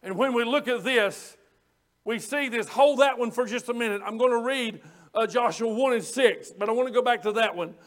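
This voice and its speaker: A man's voice: very high voice, moderate pace. A male preacher giving a fervent midweek sermon, often rising into hollering and repeating phrases for emphasis.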